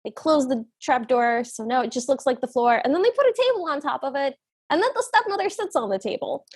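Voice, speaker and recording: Podcast co-host, woman, high voice, animated recapper, dry close sound. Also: fairly quick, no room sound. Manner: animated retelling, voicing characters in passing. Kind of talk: casual recap chat.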